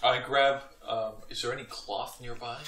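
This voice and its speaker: A man's voice: medium pitch, fairly even intonation, normal speed, a bit bright, roomy sound. A man playing a tabletop game with friends, joking and playful. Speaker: player. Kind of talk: casual tabletop play.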